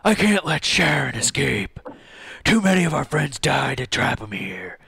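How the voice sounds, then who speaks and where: Man voicing a quiet, firm young swordsman. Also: mid-range voice, very animated, measured pace, creaky, husky, no echo, voice pushed up, full character voice. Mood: resolute.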